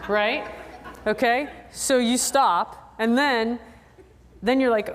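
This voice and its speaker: A woman giving a conference lecture to riders, lively and often checking in with the audience. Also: a little high, slow, long reverb tail, a little hiss or hum. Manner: acts out riders' and trainers' voices. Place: convention lecture hall.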